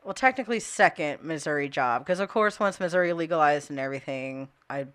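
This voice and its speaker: Passionate young woman with a clear voice. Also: low voice, animated. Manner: passionate, halting, many fillers, emotional. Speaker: interview guest, cannabis and labor advocate. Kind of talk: casual conversational interview.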